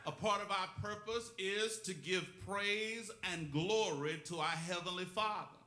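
Bright-voiced preacher in an echoey church. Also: male voice, high voice, unhurried, slight background noise. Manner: rhythmic preaching, calls for witnesses. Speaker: pastor. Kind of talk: call-and-response sermon. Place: church sanctuary.

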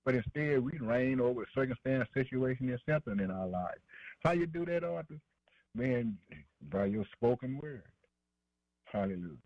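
A man's voice: medium pitch, lively intonation, normal speed, dry recording. Man on dull dry radio. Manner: preachy call-and-response, fillers like man and boy. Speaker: preacher. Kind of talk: sermon.

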